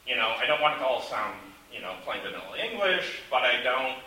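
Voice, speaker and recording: A man's voice: mid-range voice, big pitch swings, brisk, sharp tone. A male author in a casual panel chat, rambling and self-deprecating, with many restarts. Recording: echoey room, distant mic, faint hiss.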